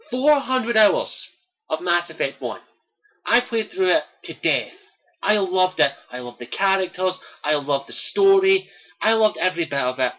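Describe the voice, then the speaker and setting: A young Scottish man hosting a gaming livestream speaks to his viewers in a high-pitched, sharp-toned voice. His personal monologue is earnest and impassioned, and he keeps repeating his key phrases.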